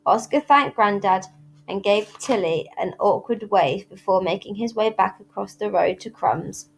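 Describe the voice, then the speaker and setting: A woman reading a children's novel aloud in clear, steady storytelling. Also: mid-range voice, measured pace. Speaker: reader at a school.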